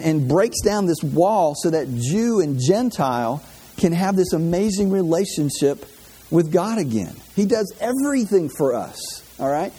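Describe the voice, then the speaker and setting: A man's voice: a little high, dark tone, husky. A man teaching a Bible class in a casual sermon style, talking conversationally, repeating himself and asking his listeners questions. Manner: conversational, repeats words and restarts, asks the audience questions. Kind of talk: informal sermon.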